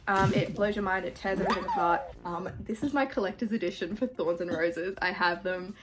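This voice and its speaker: A young Australian woman in her twenties chatting casually through a Q&A while she plays a game, gushing and animated, full of fillers and swearing. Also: medium pitch, a little fast, a little hiss or hum. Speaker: YouTuber. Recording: music playing behind.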